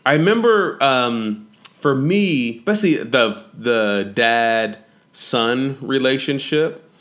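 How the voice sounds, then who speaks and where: A man in casual conversation, talking reflectively about family and fatherhood, often halting and restarting. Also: medium pitch, a bit bright.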